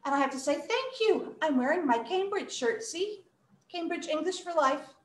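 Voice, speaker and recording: Speaking at a moderate pace in a high voice, a thirtysomething woman teaches kids to recite poetry online. She's lively and voices the emotions dramatically, and the room has a noticeable echo.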